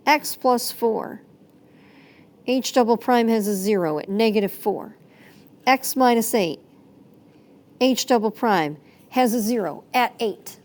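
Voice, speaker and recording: A woman's voice: a little high, a little mellow. A woman teaching a math lesson in a chatty, playful way, correcting herself as she goes. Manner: chatty, self-correcting, playful sound effects.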